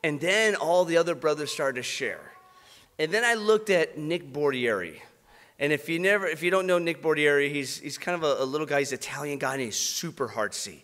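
A man's voice: a little high, animated, a little fast, a bit bright, in a large hall. A man preaching a sermon, moving from a personal testimony to fervent calls to his congregation. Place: large church hall.

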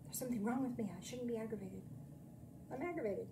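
A woman minister giving a chatty, self-deprecating sermon, then leading a slow, soothing guided meditation. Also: fairly high pitch, noisy background.

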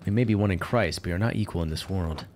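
A man's voice: sits low, fast talker, darkish tone, a little hiss or hum, lightly acted. A man voicing a prim, lecturing nun who works as a librarian. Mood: stern. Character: stern prim nun librarian, middle-aged woman.

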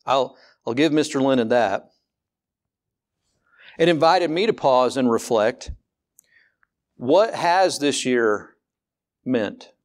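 A man's voice: mid-range voice, lively intonation. Candid male pastor preaching a sermon. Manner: conversational and candid, repeats words, slows down for emphasis; asks rhetorical questions in a rising voice.

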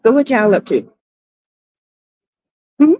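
Fairly high-pitched and very animated, a Southern US woman hosts a casual livestream, sassily saying hi to chatters by name and stretching out her exclamations. Crowd noise is present, and the high frequencies are cut off.

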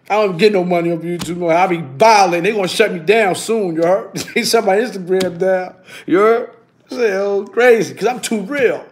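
A man's voice: high voice, slight background noise. A man, telling casual stories on his stream and tossing in "you heard?" all the time. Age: 50s. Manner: animated, keeps adding "you heard?". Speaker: YouTube streamer. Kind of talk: casual storytelling.

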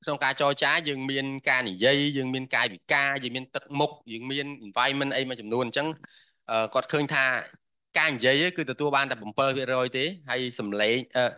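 A man's voice: medium pitch, steady tone, racing, bright, forceful tone, clear, resonant tone. A man interpreting a workshop lecture for the audience, with frequent hesitation fillers.

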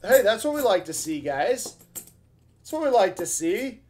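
A man hosts a live stream, chatting casually with his viewers in a slangy, excitable way. His voice sits a little high for a man. He takes his time and drawls through his words. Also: unhurried. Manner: excitable and slangy, with loud bursts over finds. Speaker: host of a live coin-roll hunting stream.

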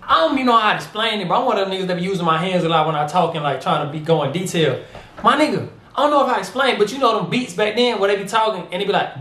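A man hosting a music reaction video, talking in an animated, slangy way and calling the artist bro and big homie. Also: high voice, very fast, roomy sound. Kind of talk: casual reaction commentary.

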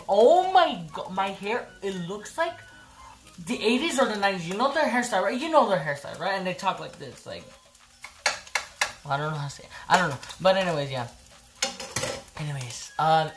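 A woman chatting casually to camera in a home kitchen, rambling and giggling, with lots of fillers. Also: lowish voice. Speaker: vlogger.

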